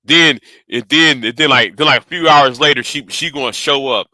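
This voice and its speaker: Bright-voiced man, stammering and profane. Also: mid-range voice, normal speed, no echo. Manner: rambling, profane, stammering repeats. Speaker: vlogger. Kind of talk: casual storytelling to camera.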